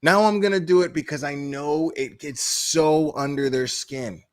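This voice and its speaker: Hot-headed male vlogger, casual profane rant, slightly high pitch. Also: unhurried. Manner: blunt, heated and profane, with laughing asides. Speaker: crime commentary YouTuber.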